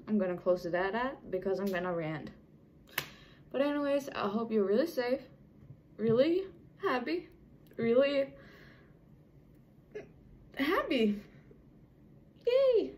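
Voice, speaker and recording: A young woman vlogger rambles casually to her viewers at an unhurried pace. Her thoughts wander, and she often breaks off and restarts her sentences. Her voice sits at an ordinary middle pitch. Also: darkish tone, poor audio. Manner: rambling, chatty, with many restarts. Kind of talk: casual unscripted talk to camera.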